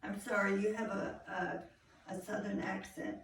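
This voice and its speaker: A psychic medium gives a reading in a mid-range, flat voice with a gravelly fry. She goes slowly and haltingly, searching her way through each phrase and circling back to repeat herself. She sounds far from the mic in an echoey room with faint background noise.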